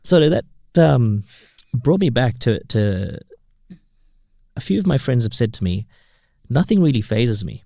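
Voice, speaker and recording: A man's voice: mid-range voice, big pitch swings, a little slow, creaky, warm tone, dry recording, clean studio sound. A man co-hosting a podcast, telling anecdotes in a hesitant way with many fillers. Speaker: podcast co-host. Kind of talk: casual discussion.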